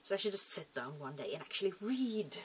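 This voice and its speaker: A woman's voice: fairly low pitch, sing-song, brisk, fairly bright tone, slightly rough. A young woman rambling casually to camera in a vlog, chatty and self-deprecating, often trailing off and restarting. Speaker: vlogger.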